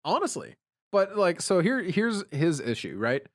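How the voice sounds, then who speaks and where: A man's voice: sits high, big pitch swings, measured pace. A young man co-hosting a podcast, telling casual stories and quoting people in put-on voices. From Pennsylvania, USA. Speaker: podcast co-host. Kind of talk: casual chat.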